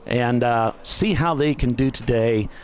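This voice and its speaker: Male race co-commentator, chatty, relaxed, quick to laugh, mid pitch. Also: slight background noise.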